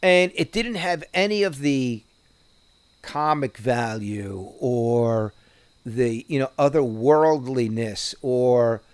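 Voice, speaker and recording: A man's voice: medium pitch, animated, slow, darkish tone, clear, resonant tone, dry recording. A man with a New Jersey accent, chatting casually as a podcast co-host, rambling and profane with many restarts. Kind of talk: casual chat.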